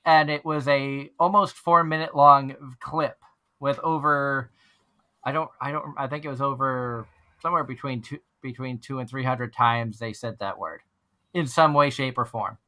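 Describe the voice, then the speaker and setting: A man's voice: medium pitch, steady tone, moderate pace, pushed and bright. A man hosting an online fan radio show, chatting casually and rambling with frequent restarts. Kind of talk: casual chat.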